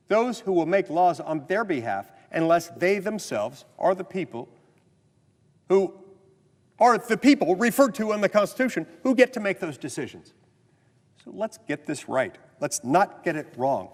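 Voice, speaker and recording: American senator speaking in an echoing chamber. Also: male voice, sits high, big pitch swings, unhurried. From United States. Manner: storytelling, mimics others in quotes, then earnest and insistent. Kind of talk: floor speech mixing anecdote and argument. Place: legislative chamber. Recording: long reverb of a large chamber.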